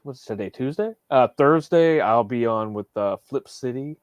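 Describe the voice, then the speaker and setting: A man's voice: medium pitch, expressive, normal speed, no room sound. A man who writes comics, a guest on a livestream, talking in a laid-back, rambling way. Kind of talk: casual livestream interview.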